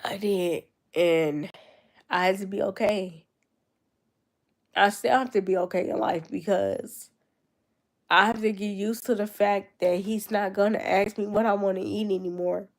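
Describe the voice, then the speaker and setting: A woman's voice: mid-range voice, a little slow. A nineteen-year-old woman with a cold and a stuffed-up nose, rambling in casual chat with her viewers on a livestream. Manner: rambling, answering chat comments.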